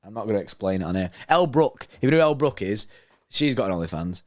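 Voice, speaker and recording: A man's voice: lowish voice, big pitch swings, fast, darkish tone, dry recording, clean studio sound. A young man hosting a football watchalong stream, chatting casually and joking as he reads out chat messages. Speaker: watchalong host reading live chat.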